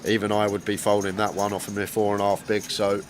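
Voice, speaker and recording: A man's voice: lowish voice, fast, slight background noise. Man explaining poker strategy. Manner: explanatory, stammering restarts when excited. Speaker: poker stream commentator. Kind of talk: poker commentary and casual chat.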